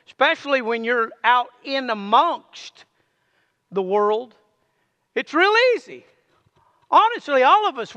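A man preaching a sermon to a congregation, calling for amens and reading scripture aloud slowly. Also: very high voice, sharp tone, big-room sound. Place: church sanctuary.

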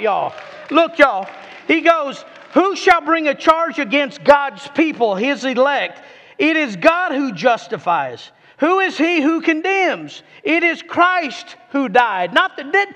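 A man preaching a sermon, reading scripture with emphatic, drawn-out stresses and calling on his congregation to repeat after him. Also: extremely high pitch, fairly bright tone. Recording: long reverb of a large hall.

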